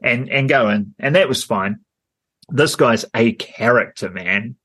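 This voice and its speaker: A man's voice: medium pitch, a little slow, sharp tone, breathy edge. A man co-hosting a podcast, telling a rambling story in casual chat with lots of fillers and frequent laughter. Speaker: podcast co-host.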